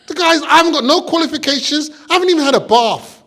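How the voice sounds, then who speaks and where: A man doing a stand-up comedy set, deadpan setups with loud high punchlines. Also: quick pace. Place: stage before a live audience.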